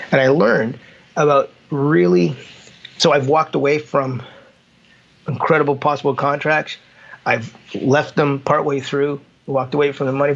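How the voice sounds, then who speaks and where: A man's voice: medium pitch, slightly rough, muffled recording. A man, a consultant, talking casually and telling stories with acted quotes and frequent restarts. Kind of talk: casual conversation.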